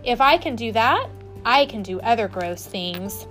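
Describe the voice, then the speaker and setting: A woman's voice: a little high, animated, unhurried, fairly bright tone, faint music behind. A woman voicing a stubborn young boy who pleads and bargains, reading a storybook aloud. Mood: bargaining.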